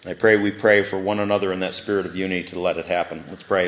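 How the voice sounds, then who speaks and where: A man's voice: deep voice, steady tone, fast, hardly any pauses. Man, preacher, earnest sermon, fervent bursts, echoing room, muffled sound. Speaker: pastor. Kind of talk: sermon and prayer. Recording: roomy, slightly dull sound.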